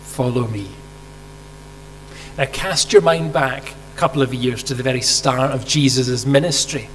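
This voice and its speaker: A man's voice: medium pitch, moderate pace, fairly bright tone. A man preaching a sermon, telling a story vividly and asking rhetorical questions, acting out quoted lines. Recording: hall reverb with faint mains hum.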